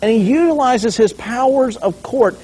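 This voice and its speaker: A man's voice: very high voice, moderate pace, husky. A man preaching a conversational sermon as a pastor, acting out scenes along the way. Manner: animated, conversational, acts out scenes.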